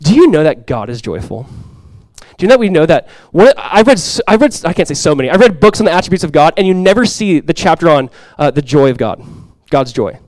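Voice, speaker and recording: A male pastor preaching a sermon to his congregation, swinging from loud, impassioned lines to quiet, soft ones. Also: fairly high pitch, very animated, quick pace, no echo. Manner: impassioned preaching, swells loud for quoted cries then drops soft. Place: church sanctuary before a congregation.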